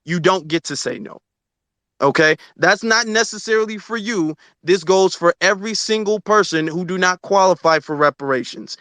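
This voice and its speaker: A man's voice: sits high, moderate pace, a bit bright, no echo. A man hosting a live online audio discussion, arguing his point in an insistent, lecturing way into a phone mic. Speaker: host of a Twitter space discussion. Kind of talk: live audio room debate.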